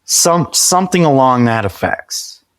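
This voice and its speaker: With a clear, resonant, somewhat bright mid-range voice, a male podcast guest in his forties shares conversational stories at a measured pace and with lively intonation. The recording is dry, without room sound, and he often restarts, repeats words, and vividly acts out quoted dialogue.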